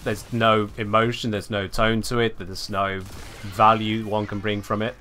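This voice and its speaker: A male game streamer giving live commentary, speaking with sweeping highs and lows like an old-time radio host. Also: little pitch movement, a little slow, sharp tone, soft background music.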